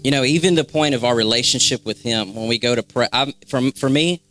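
A man's voice: mid-range voice, brisk, a bit bright, faint music behind. A young man giving a spontaneous, fervent exhortation in a church, repeating phrases for emphasis. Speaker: church member sharing a word. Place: church sanctuary.

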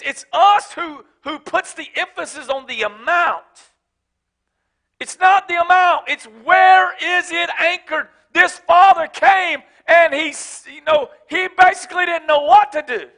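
A pastor delivers a sermon in a strikingly high, bright voice. He builds to shouted, repeated declarations, then drops into quiet, laughing asides with a down-home tone. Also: unhurried. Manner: preaching with rising shouted emphasis, then folksy asides; casual, joking, speaks of his wife.

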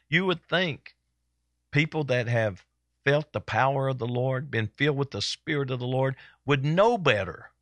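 A man's voice: mid-range voice, fairly bright tone, no echo. A man preaching a sermon at a church service. He is fervent and folksy and hammers his points home by repeating them. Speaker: pastor.

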